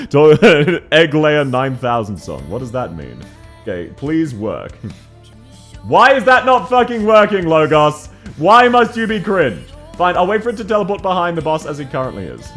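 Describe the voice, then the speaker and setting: A young man streams a game and chats casually with his viewers, laughing often and swearing now and then. His pitch swings widely from low mutters to high bursts. Faint game music plays behind him. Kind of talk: casual game commentary reading chat.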